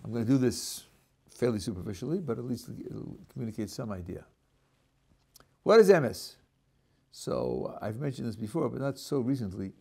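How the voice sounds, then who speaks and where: A man's voice: normal speed, vocal fry, husky. An older man, a rabbi, giving a Torah lecture and acting out the speakers in his examples, sprinkled with Hebrew religious terms. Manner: animated, acts out a speaker's voice, rising and dropping pitch. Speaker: rabbi teaching a class.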